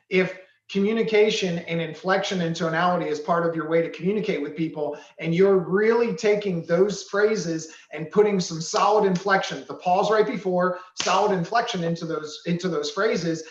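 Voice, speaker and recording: A man co-teaching a sales lesson, explaining points quickly and emphatically. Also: high voice. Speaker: co-trainer. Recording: roomy, muffled lo-fi sound.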